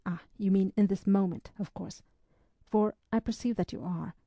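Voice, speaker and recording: A woman reading the part of a courteous, gentlemanly English army captain, soothing and a little masterful, in a dry, mellow voice. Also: medium pitch, normal speed, no echo, close to an everyday voice.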